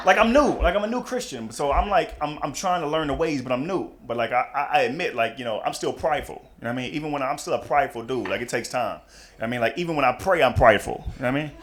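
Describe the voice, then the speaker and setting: A young man doing a stand-up comedy set on a club stage, talking casually and jumping into loud high voices for the people in his stories. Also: racing, slight background noise. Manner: animated, jumps into loud high-pitched voices for characters.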